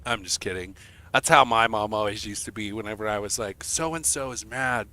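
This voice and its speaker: Bright-voiced man telling a rambling story. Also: lowish voice, brisk. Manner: profane, rambling, animated storytelling. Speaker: streamer. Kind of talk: casual storytelling to chat.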